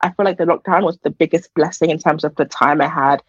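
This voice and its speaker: A young woman shares her story in an earnest, chatty way, with plenty of fillers along the way. Her voice is slightly husky. The recording is dry and somewhat dull and lo-fi. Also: low voice, steady tone, quick pace, dry recording. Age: young adult. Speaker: podcast guest. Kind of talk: casual personal testimony.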